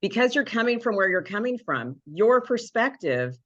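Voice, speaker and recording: A woman's voice: on the high side, sing-song, normal speed. A woman hosting a podcast, chatting in an affirming way and using lots of "like"s. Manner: warm, affirming, chatty with many "like"s. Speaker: podcast host. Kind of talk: casual interview conversation. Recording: slightly dull lo-fi audio.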